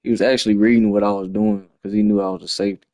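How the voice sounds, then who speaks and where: A man's voice: fairly low pitch, flat delivery, racing, darkish tone, dry recording, studio quality. A man, breaking down a lost football video game in a frustrated, slangy ramble on a livestream. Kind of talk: casual game replay breakdown.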